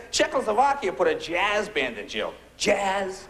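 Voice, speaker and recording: A man's voice: sits high, sing-song, unhurried, hardly any pauses, fairly bright tone, some chatter behind, a little hiss or hum. A man doing a biting, sarcastic stand-up routine, firing off punchy rhetorical questions before a laughing audience. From United States. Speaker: stand-up comedian. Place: comedy club stage before a laughing audience.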